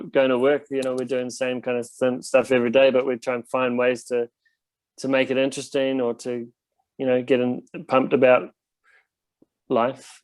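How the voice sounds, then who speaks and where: A man's voice: medium pitch, a little mellow, no room sound. A young man, a touring band musician telling stories in a casual interview, rambling with lots of fillers. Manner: laid-back, rambling storyteller with many fillers.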